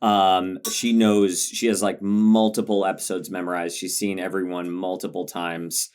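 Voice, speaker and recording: A man's voice: sits low, flat delivery, moderate pace, darkish tone, smooth. A man co-hosting a podcast, talking in a hesitant, stammering way and laughing easily. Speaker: podcast co-host. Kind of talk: casual chat.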